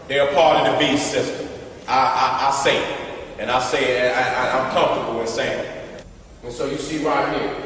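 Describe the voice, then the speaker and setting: Emphatic man in an echoey hall. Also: slight background noise. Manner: emphatic, repeats short questions to point things out; swings between loud bursts and low asides. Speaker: presenter showing images to an audience. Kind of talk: casual street-talk lecture with slides. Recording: echoey hall from a distant mic.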